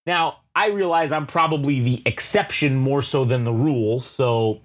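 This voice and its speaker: A man's voice: medium pitch, normal speed. A man co-hosting a casual podcast chat, swearing freely and riffing on his opinions. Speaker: podcast co-host.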